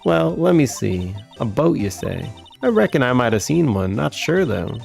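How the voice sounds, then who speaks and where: A man voicing a brash young Southern woman photographer with a folksy drawn-out drawl, reading a game aloud. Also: mid-range voice, big pitch swings, vocal fry, a little mellow, soft background music. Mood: sassy. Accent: American Southern drawl, put on.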